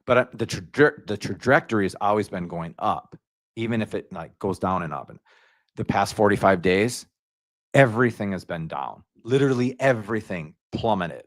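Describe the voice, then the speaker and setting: A man hosting a casual livestream, rambling and slangy, jumping up in pitch when he gets excited. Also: moderate pace, dry recording, clean studio sound. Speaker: YouTube livestream host.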